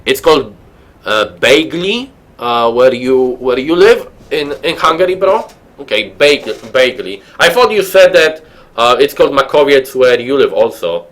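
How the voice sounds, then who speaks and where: A Polish man with a Polish accent rambles to viewers while playing a game on stream, chatty and full of fillers and restarts. His mid-range voice is a bit bright, with big pitch swings and a measured pace, in casual let's-play chat.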